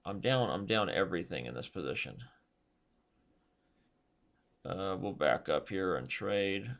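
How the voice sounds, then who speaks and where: A man commentating his own online chess games while playing, animated and self-mocking, giving advice. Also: low voice, a little slow, vocal fry. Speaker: chess master streamer.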